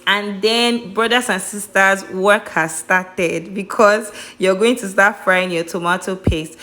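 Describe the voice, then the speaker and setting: Nigerian woman, cooking vlog host, mid pitch, chatty and emphatic. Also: fairly bright tone. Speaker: cooking vlogger. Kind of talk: cooking tutorial voice-over.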